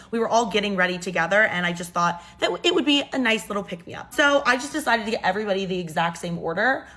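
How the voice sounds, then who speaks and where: A woman's voice: mid-range voice, a bit bright. A young woman telling a personal story in a casual, chatty and exasperated way.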